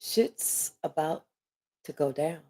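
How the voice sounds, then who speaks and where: A woman's voice: low-pitched, lively intonation, takes it slowly, mellow. A woman giving a casual live tarot reading, talking in a rambling, chatty way and swearing freely. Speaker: tarot reader.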